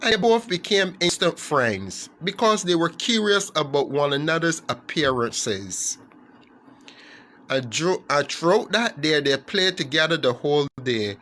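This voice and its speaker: A man's voice: fairly high pitch, animated, a little slow, bright, forceful tone, slight background noise. A man telling a fable to his online audience in an earnest, repetitive way, correcting himself as he goes. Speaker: storyteller.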